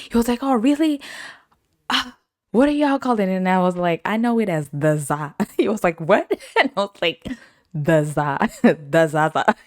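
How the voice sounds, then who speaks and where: A young woman hosting her own podcast, telling stories from her week in a casual, animated way, laughing often and acting out what people said. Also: fairly low pitch. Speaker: podcast host. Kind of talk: casual storytelling.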